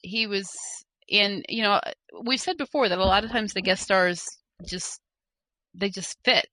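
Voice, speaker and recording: Bright, chatty woman podcast co-host. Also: mid-range voice, a little slow, dry recording. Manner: chatty, giggly, hesitant with fillers. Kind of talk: casual chat, reading listener mail.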